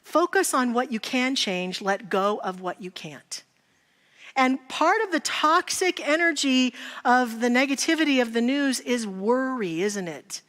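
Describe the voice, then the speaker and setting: Slightly high and expressive, a woman preaches at a measured pace in a big, echoing church. As minister, she shares stories warmly and conversationally, asking rhetorical questions, with long reverb from the hall.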